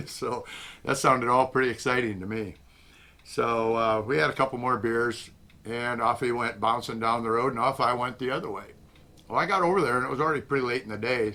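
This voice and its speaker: A man's voice: fairly low pitch, sharp tone. An older man hosting his own channel, telling a rambling folksy story in a casual reminiscing way and chuckling often. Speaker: host.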